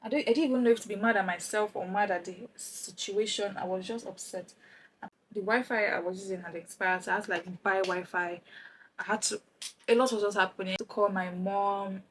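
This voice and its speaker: A young woman from Nigeria telling a lively travel story while doing her makeup, acting out the other people's lines. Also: medium pitch, fairly quick, slight background noise, poor audio. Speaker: vlogger. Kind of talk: chatty get-ready-with-me story time.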